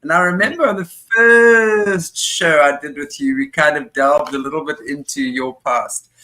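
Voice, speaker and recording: Cheerful bright-voiced woman hosting a live show. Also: low-pitched, moderate pace. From Africa. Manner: cheerful, laughs often. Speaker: host. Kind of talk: casual live-show chat.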